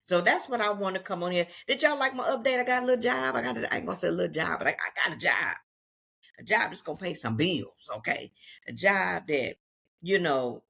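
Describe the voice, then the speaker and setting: A woman's voice: sits low, creaky, breathy edge. A woman with a Southeast Texas accent, talking casually and unscripted to her viewers in a chatty, folksy way. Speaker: vlogger.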